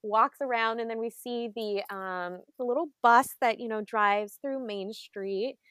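Chatty excited woman telling a story. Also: a little high, measured pace, clean tone, no room sound. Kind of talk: casual chat.

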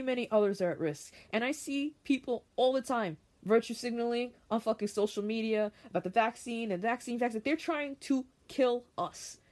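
A woman's voice: fairly high pitch, darkish tone. A woman hosting a solo podcast, ranting in a heated, profane way and repeating her points for emphasis while she reads an article aloud and comments on it. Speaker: podcast host.

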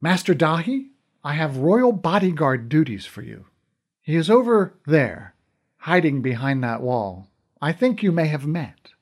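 A man narrating an audiobook voices a stern queen mother who gives measured, overly calm commands. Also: fairly high pitch, pitched above the performer's own voice, full character voice. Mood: commanding.

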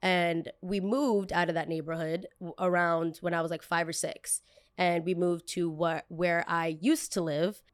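Fairly low-pitched, level and unhurried, this young woman's voice comes through with studio quality and no echo. Hosting a casual podcast, she tells chatty childhood stories from growing up in a Colombian family in the United States, swearing bluntly and saying "like" constantly.

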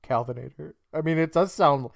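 This co-host from the United States speaks briskly in a creaky voice on the high side. Recapping a TV episode in a relaxed chat, he laughs a lot and acts out characters' lines. The recording is studio quality, with no room sound.

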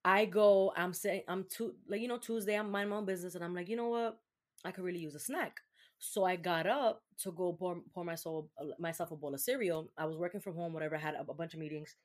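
A woman's voice: on the low side, fast talker, few pauses. A young woman hosting a chat show, telling a story casually with lots of swearing, laughter and Spanish words mixed in. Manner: animated, profane, laughing storyteller.

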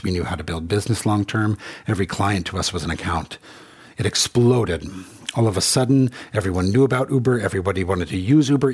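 A man's voice: low-pitched, breathy edge. A middle-aged man who drives for and runs a car service, speaking bluntly and plainly in a documentary interview.

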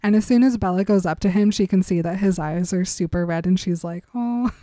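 A woman's voice: fairly low pitch, brisk, mellow, dry recording. A woman co-hosting a casual podcast, recapping a story in a chatty, giggly way with lots of fillers. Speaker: podcast co-host. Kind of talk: casual book recap chat.

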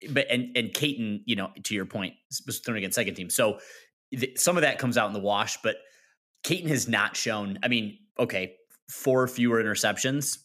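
Sports pod guy, kinda low but bright tone, rambles and backtracks a lot. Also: normal speed. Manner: rambling, hedging, self-correcting. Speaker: podcast co-host. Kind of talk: casual sports chat.

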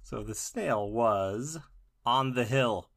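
A woman's voice: very deep voice, takes it slowly. A woman co-hosting a casual podcast, laughing often and teasing her co-host. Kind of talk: casual chat.

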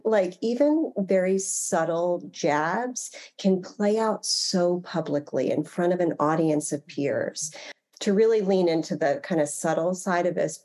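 A woman researcher being interviewed, explaining her findings in a measured, thoughtful way with frequent fillers. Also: on the low side, a little mellow. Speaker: researcher guest.

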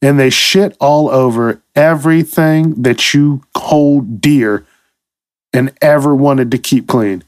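A man's voice: medium pitch, slow, no room sound, clean studio sound. A man hosting a comedy podcast, delivering a profane, exasperated solo rant. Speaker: podcast host.

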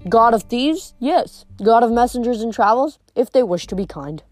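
A woman voicing a sly, relaxed male god who talks in a casual, wry way, reading a storybook aloud. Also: fairly high pitch, moderate pace, no room sound, soft background music, voice pushed up.

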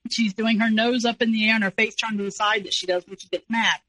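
A woman's voice: a little high, fast talker, no echo, rough recording. Woman telling a story animatedly, dry sound. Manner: animated, acts out quoted voices. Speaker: interview guest. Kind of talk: casual personal storytelling.

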